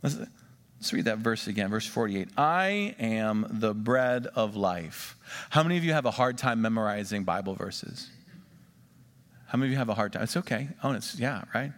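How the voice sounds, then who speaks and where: A man preaching a sermon, swinging between emphatic rises and quiet drops, and drawing the congregation into questions and call-and-response. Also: lowish voice, a little fast. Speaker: pastor. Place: church sanctuary. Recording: long church reverb.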